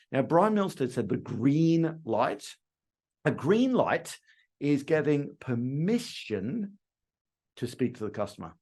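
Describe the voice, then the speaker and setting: A middle-aged man from Australia, training car salespeople and acting out phone calls to customers. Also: mid-range voice. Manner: animated, acts out customer calls in quotes. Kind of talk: training talk with role-played phone calls.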